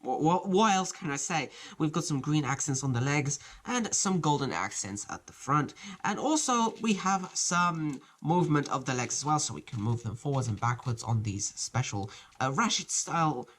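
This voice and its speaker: Lively, chatty toy reviewer. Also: medium pitch, moderate pace, few pauses. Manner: chatty, hesitant, often restarting phrases while handling the set. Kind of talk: casual show-and-tell review. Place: small home studio.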